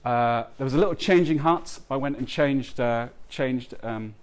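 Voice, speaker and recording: A man giving a heartfelt, halting talk to a live audience at a book launch, with many pauses and restarts. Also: medium pitch, smooth. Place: live event before an audience.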